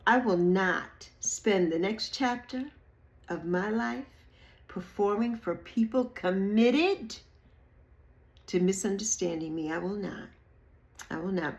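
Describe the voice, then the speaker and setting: An older woman in her sixties speaks to her online audience in an emphatic, repetitive way. Her voice sits at a middle pitch, and she often leaps higher when she mocks people in a playful put-on voice. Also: a little mellow. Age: 60s. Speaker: YouTube creator. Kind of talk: reflective monologue to camera.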